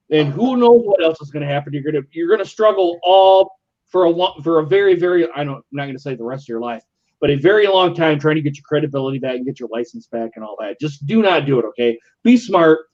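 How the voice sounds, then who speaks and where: Dude rambling thru a story, lots of swearing, kinda muffled low-fi sound. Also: male voice, fast talker. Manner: rambling, profane, animated retelling. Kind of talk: casual storytelling. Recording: lo-fi muffled stream audio.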